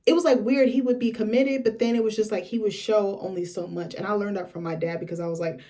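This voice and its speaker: Fast-talking young woman vlogger. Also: mid-range voice, fairly even intonation, dark tone. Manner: chatty, frequent filler words. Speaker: vlogger host. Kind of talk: candid casual storytelling.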